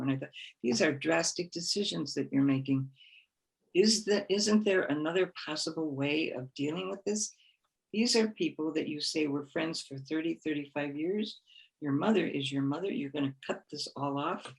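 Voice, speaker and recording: A woman speaker giving a reflective spiritual talk, gentle and encouraging, often repeating phrases for emphasis. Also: deep voice, normal speed, creaky, breathy edge, poor audio. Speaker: conference speaker.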